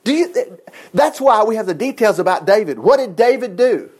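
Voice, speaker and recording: A man's voice: high-pitched, very animated, brisk, darkish tone, slightly rough. A man teaching a Bible lesson in a casual, folksy way, full of asides and rhetorical questions.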